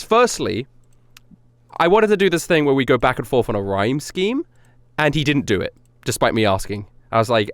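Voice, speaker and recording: A man's voice: mid-range voice, sing-song, moderate pace, fairly bright tone, dry recording. A man streaming casual commentary as he ranks his own rap songs, rambling and self-critical as he talks them through.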